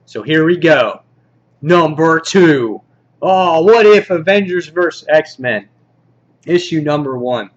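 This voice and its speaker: An excitable man in a homemade video, chatting through his weekly comic picks. He rambles, trails off into fillers and gets worked up over the books he loves. His mid-pitched voice comes through slightly dull and muffled, like a cheap webcam mic. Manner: enthusiastic, rambling, many fillers. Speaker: comic book vlogger. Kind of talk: casual comic review countdown.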